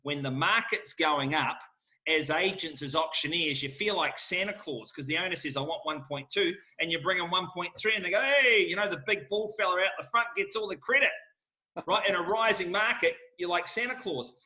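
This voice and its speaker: A man's voice: on the high side, moderate pace, pushed and bright. A middle-aged man, answering questions as an auctioneer in an emphatic, fired-up salesman manner. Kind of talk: lively Q&A answers.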